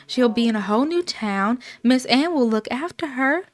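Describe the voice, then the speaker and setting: A woman's voice: a little high, lively intonation, normal speed, close to an everyday voice. A woman voicing a blunt, pushy grandmother who nags her family in slangy, matter-of-fact talk. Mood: insistent.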